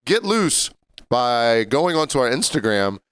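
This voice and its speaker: A man's voice: mid-range voice, sing-song, measured pace, fairly bright tone, smooth, no echo. A man co-hosting a podcast, telling crude stories in casual banter and laughing often. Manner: laughing, storytelling, crude humor. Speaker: podcast co-host.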